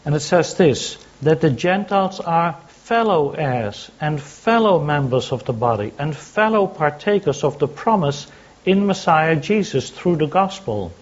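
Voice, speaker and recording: A man's voice: a little high, animated, measured pace, muffled recording. A man preaching a sermon, teaching by asking questions and answering them himself. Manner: teaching, asks and answers his own questions.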